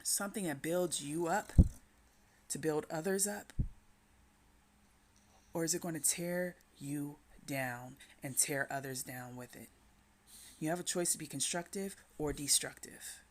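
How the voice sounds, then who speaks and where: A woman speaking as a Christian inspirational speaker, giving a slow, repetitive devotional talk that urges the listener to breathe and pray. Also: low-pitched.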